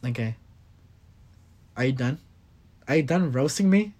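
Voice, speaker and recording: A man's voice: mid-range voice, lively intonation, measured pace, darkish tone, slightly rough. A young man co-hosting a casual podcast, teasing back and defending himself in playful banter. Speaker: podcast co-host. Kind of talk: casual banter between friends.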